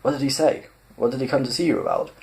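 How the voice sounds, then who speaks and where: A man voicing an excitable male alien friend who fires off eager questions. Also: medium pitch, fast, vocal fry, pitched above the performer's own voice, natural voice, poor audio.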